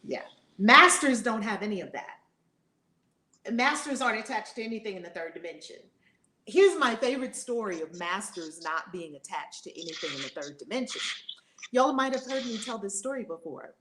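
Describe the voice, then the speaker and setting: A woman spiritual teacher telling a story in an animated, conversational way. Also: mid-range voice, normal speed, echoey room, a little hiss or hum. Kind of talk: storytelling lesson.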